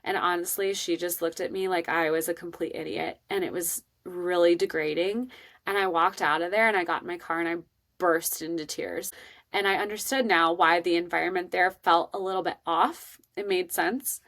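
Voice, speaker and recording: A woman hosting a podcast, telling a personal parenting story in an earnest, emotional and expressive way. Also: fairly low pitch, moderate pace. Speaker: podcast host.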